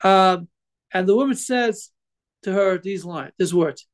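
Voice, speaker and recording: A man giving an informal religious class, telling a story in a halting way with many fillers and restarts. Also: sits high. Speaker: Torah teacher telling a story.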